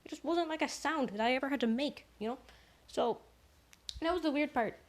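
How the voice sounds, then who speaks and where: A woman rambling through a jokey mock stand-up monologue, correcting herself as she goes. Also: a little fast. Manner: rambling, self-correcting, jokey, pitch swinging up and down. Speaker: solo comedic rambler.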